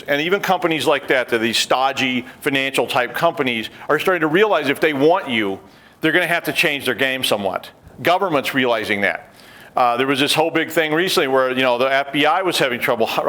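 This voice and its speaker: A middle-aged man giving a conference talk, an animated storyteller who acts out the people he quotes and drops wry joking asides. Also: medium pitch, fairly quick. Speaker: conference speaker.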